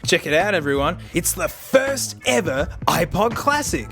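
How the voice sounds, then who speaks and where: A young Australian man vlogging about gadgets, joking and excitable, swinging between loud outbursts and muttered asides. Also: high-pitched, normal speed, few pauses, breathy edge. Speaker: tech vlogger. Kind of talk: casual chat.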